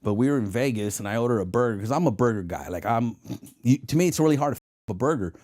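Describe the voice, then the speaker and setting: A man in a casual interview who tells his stories with a lively, swinging pitch. He acts out the other people in his anecdotes and often laughs at his own jokes. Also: very fast. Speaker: guest, former federal agent.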